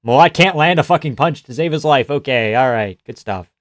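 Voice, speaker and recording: A man's voice: medium pitch, animated, a little fast, no room sound. Man calling a fight live, dry close sound. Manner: profane, joking, laughs often; reacts loudly to big shots. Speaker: live stream fight commentator. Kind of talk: casual live fight reaction commentary.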